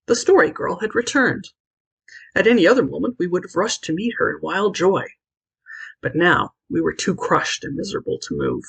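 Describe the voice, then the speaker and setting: A woman reading a classic children's novel aloud in an expressive, lively narration. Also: lowish voice, normal speed, creaky, slightly rough, rough recording. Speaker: audiobook reader. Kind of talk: scripted storybook narration.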